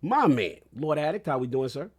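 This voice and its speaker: A man's voice: fairly high pitch, big pitch swings, normal speed, slightly rough. A man hosting a casual gaming podcast, introducing co-hosts with showman flair and laughing a lot. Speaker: podcast host.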